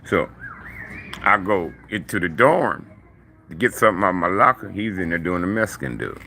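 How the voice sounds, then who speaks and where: A middle-aged man telling stories casually in a profane, slangy, animated way. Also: deep voice, moderate pace, slight background noise. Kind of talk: casual storytelling.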